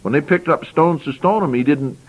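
A man's voice: on the high side, a little fast, slightly rough, lo-fi sound. A man preaching a sermon, reading scripture verses aloud and explaining them, with frequent repeated phrases.

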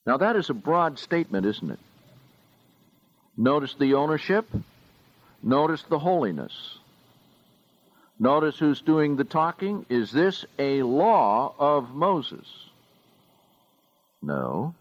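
A man preaching a sermon, reading scripture aloud slowly and with deliberate emphasis. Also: a little high, very animated, no echo, dull audio.

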